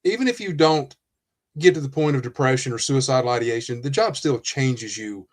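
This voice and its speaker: A man hosting a podcast, himself a retired police officer, speaking in a measured, reflective way. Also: mid-range voice, expressive. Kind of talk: candid podcast conversation.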